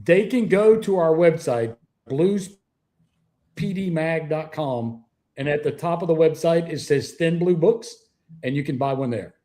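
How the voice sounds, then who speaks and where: A man's voice: fairly high pitch, lively intonation, a little slow, warm tone. A middle-aged man, a retired police officer telling profane anecdotes as a guest on a call-in interview. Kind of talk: casual storytelling interview.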